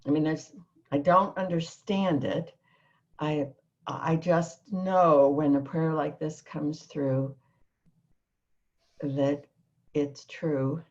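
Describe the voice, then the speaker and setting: A woman hosting a prayer gathering, speaking softly and with emotion as she reads a prayer aloud. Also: low voice, fairly even intonation, dull audio. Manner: slow, soft and emotional, drawn-out words. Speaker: host. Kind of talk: reflective talk and prayer reading.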